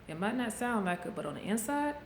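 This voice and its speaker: Fast-talking and sing-song, with a mid-range voice, a middle-aged woman records a casual motivational vlog on a handheld camera amid background noise. She candidly coaches her viewers; the room echoes and there's faint ambience behind her.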